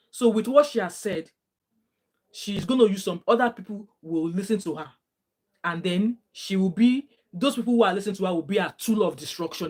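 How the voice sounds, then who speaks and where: Woman, Nigerian accent, young adult, casual vlog chat, Pidgin phrases, lots of restarts. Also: medium pitch. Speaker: vlogger reading viewer comments.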